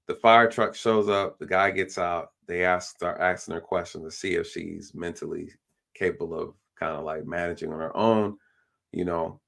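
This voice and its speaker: A man's voice: low-pitched, steady tone, moderate pace, gravelly, a bit bright. A man, a police officer, telling a story in a casual way on a live stream. He acts out the lines of the people in it and often repeats himself with fillers like "you know".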